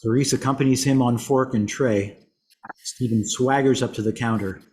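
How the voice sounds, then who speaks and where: A man's voice: mid-range voice, moderate pace, a little hiss or hum. Man reading stage directions. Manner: plain, even reading.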